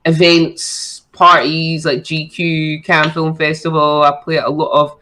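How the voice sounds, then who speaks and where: A woman's voice: low-pitched, little pitch movement, a little slow, pushed and bright, a little hiss or hum, low-quality recording. A woman chatting as a radio show guest, talking in a loose, filler-heavy way. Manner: chatty, lots of fillers and likes. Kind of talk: casual radio chat.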